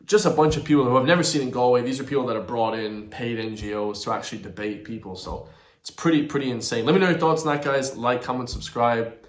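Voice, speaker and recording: Irish male host, indignant reaction rant to his viewers, mid-pitched voice, roomy echo. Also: fast talker. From Ireland. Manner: indignant, ranting, keeps addressing viewers as guys. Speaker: channel host commenting on a protest video.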